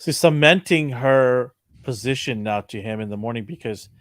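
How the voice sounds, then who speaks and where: A man's voice: mid-range voice, normal speed, a bit bright, no room sound. Jokey man co-host, dry close sound. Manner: jokey, laughs often, quotes characters. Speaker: podcast co-host. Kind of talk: casual chat reviewing a TV episode.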